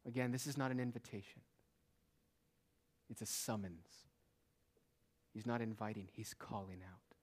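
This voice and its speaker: Male pastor, mid-pitched, preaching; dynamic swings from hushed to loud emphasis. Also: steady tone, moderate pace, pauses often. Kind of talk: sermon. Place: church.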